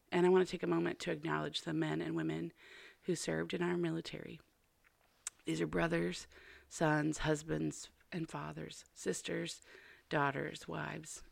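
A woman's voice: sits low, creaky, no echo. A woman hosting a podcast, talking to listeners in a chatty, apologetic and heartfelt way. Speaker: podcast host. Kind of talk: casual podcast intro.

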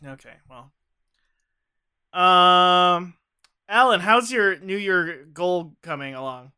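A man's voice: sits high, slow, bright, forceful tone, smooth. A man co-hosting a casual comedic podcast chat, rambling and laughing often. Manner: giggly, rambling, ironic. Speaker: podcast co-host.

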